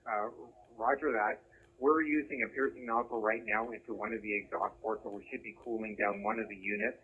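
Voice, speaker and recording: A firefighter officer on the roof reports over a handheld radio in a fairly low voice with a bright, forceful edge. He speaks plainly and matter-of-factly, with a few fillers, and a faint hiss sits under his words. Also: poor audio. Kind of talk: fire radio dispatch traffic. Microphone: handheld fire radio.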